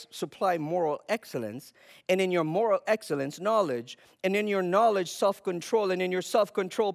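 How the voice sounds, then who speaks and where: Fervent high-voiced male preacher. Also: gravelly, fairly bright tone. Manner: builds to fervent emphasis, asks and answers himself. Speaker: pastor. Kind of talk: sermon.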